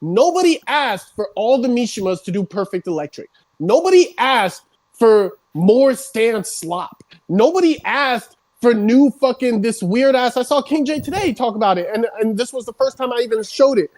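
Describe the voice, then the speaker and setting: A streamer on a heated rant who swears constantly and builds up into shouting, voice starting to crack. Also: medium pitch, lively intonation, moderate pace.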